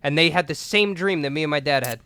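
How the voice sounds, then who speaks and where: Bright, clear-voiced young man telling a ghost story. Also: a little high, fast talker, dry recording. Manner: animated, swears a lot, says "like" and "dude". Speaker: podcast co-host. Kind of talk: casual storytelling chat.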